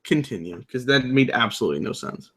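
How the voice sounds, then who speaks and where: A young man co-hosting a relaxed wrestling talk, his voice a little high and jumping all over its range. He is blunt and sarcastic, swears freely and shoots up in pitch when he gets worked up. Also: fairly quick. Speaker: co-host. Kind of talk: casual chat.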